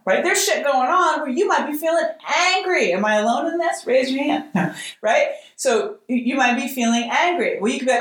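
A woman's voice: high voice, expressive, a little fast. A woman yoga teacher talking casually and expressively, often checking in with "right?" and swearing now and then. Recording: very echoey room.

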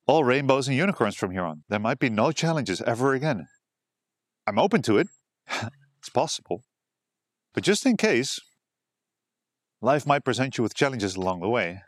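Male podcast host, earnest, expressive, motivational monologue, dry close sound, mid-pitched voice. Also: dry recording. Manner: earnest, expressive, laughs often.

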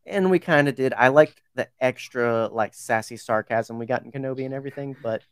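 A man hosts a relaxed podcast conversation, rambling with fillers and quick self-corrections. His voice is smooth and clear. The room is dry and close to the mic. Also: mid-range voice, no echo. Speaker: podcast host. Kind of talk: casual podcast chat.

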